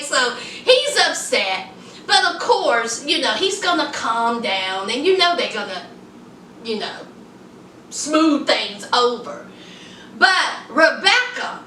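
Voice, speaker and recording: A woman's voice: sits high, bright, forceful tone, recorded from a distance, slight background noise. A middle-aged woman recapping a reality show in a sassy, chatty style, calling viewers honey and y'all. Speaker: reality TV reviewer. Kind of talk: casual recap vlog. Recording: echoey room, voice off-mic.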